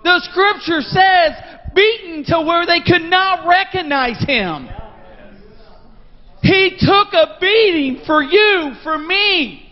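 A man preaching a fervent sermon and praying, his voice rising to shouts. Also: very high voice, animated, slow pace. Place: church sanctuary. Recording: dull sound in a long-reverb church hall. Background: loud worship music.

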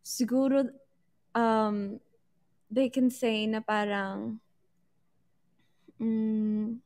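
A woman's voice: a little high, flat delivery, drawn-out words, gravelly, a little mellow. Giggly young Filipino woman, hesitant chat. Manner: giggly, hesitant, mixes English and Tagalog. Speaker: guest. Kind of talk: casual live-stream chat.

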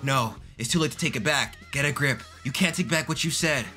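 Man doing a jittery teen boy boxer talking himself through fear, bright voice. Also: medium pitch, brisk, soft background music, natural voice. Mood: anxious. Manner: anxious, self-coaching. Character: nervous teenage boy boxer, inner monologue.

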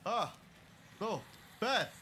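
A man's voice: high voice, expressive, extremely slow, bright, forceful tone, a little hiss or hum. A young man streaming a horror game live, reacting with panicky, swearing exclamations. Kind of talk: live horror gameplay commentary.

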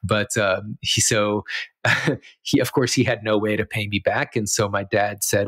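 A man's voice: lowish voice, fairly even intonation, normal speed, fairly bright tone, dry recording. A man who grew up in Israel, a podcast guest telling a childhood story in a rambling, self-amused way with many fillers. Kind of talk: casual storytelling.

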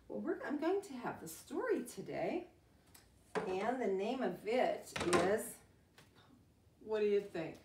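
A middle-aged woman teacher reading a picture book to young children, animated and exclaiming. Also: medium pitch. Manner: animated, gasping and exclaiming, speaks slowly and sing-song to young children. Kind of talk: storytime read-aloud lesson. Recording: roomy, from a distance.

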